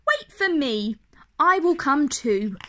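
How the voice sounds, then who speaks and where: Lady doing an excited little magpie girl, high bright voice, storybook. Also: slow pace, exaggerated voice. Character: cheerful female magpie, chirpy and eager.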